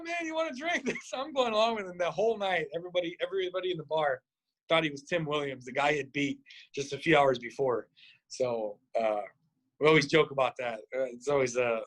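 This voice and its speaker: A middle-aged man from Nebraska, a boxing coach and podcast guest, telling stories in a casual way, acting out quotes with big jumps in pitch and swearing freely. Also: fast talker, a bit bright. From Nebraska, USA. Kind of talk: casual storytelling.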